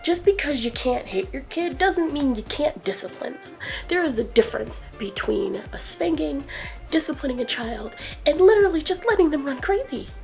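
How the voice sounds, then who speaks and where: A woman vlogger telling an exasperated story in a casual rant, animated as she acts out what people said. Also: sits high, normal speed, vocal fry, soft background music, poor audio. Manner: exasperated, animated retelling with acted quotes.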